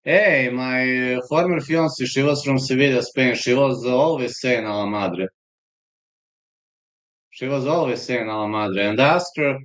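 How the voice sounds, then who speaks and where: A man's voice: mid-range voice, expressive, normal speed, low-quality recording. Rambling Serbian-accented man on a live stream. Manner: rambling, storytelling, reading chat aloud. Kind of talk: casual live-stream chat.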